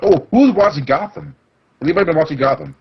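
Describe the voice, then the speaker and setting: A young man, co-hosting a casual podcast chat, excitable and quick to laugh. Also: on the high side, creaky, slightly rough, lo-fi sound. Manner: excitable, jumps between topics, laughs often. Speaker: podcast co-host.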